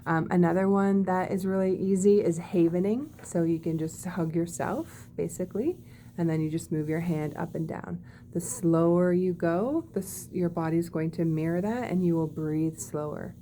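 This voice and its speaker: A woman teaching body-calming techniques in a gentle, demonstrative way, often checking in with "okay?". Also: lowish voice, normal speed, slight background noise. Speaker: wellness teacher. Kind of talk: guided body-calming lesson.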